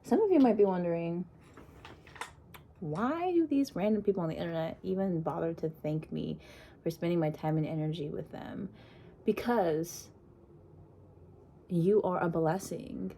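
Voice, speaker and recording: Low, gravelly-voiced woman reading tarot. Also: unhurried, pauses often, slight background noise. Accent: put-on accent. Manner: soft, meandering, with frequent ums. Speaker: tarot reader. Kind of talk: casual intuitive reading to camera. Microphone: phone propped on a crystal.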